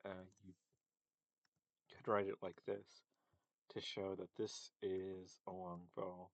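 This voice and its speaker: A man's voice: low voice, monotone, slow pace, dry recording, dull audio. A man giving a casual linguistics lesson, hesitant and full of fillers and self-corrections. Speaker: language teacher.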